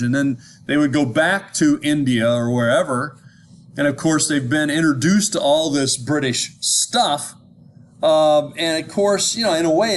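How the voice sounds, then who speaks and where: An American man lecturing in a loose, conversational way, often stopping to ask whether the class is following. His pitch sits in a middle range, and his sentences restart often as he thinks aloud. A faint hiss of background noise runs under the recording. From United States. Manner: conversational, checks in with listeners, many restarts.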